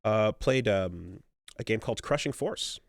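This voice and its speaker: A man's voice: fairly low pitch, animated, measured pace, creaky, dry recording, clean studio sound. A middle-aged man co-hosting a podcast in casual chat, rambling with lots of fillers and restarts. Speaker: podcast co-host.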